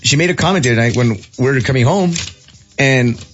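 A man in his thirties hosting a show, telling a story in casual chat, animated and laughing, jumping into a high squeal when he quotes people. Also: fast talker, highs cut off, soft background music. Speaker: radio show host.

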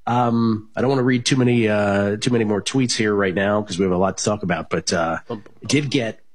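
A man's voice: lowish voice, a little fast, breathy edge. A man hosting a sports betting radio show, talking casually with plenty of fillers and restarts. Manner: rambling, many fillers and restarts.

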